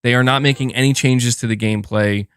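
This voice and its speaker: A man's voice: medium pitch, brisk, smooth, no room sound, clean studio sound. A young man streaming from home, chatting casually and ranting with exasperation. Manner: animated, exasperated ranting with laughs. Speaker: gaming streamer. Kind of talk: casual live-stream chat. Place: home room.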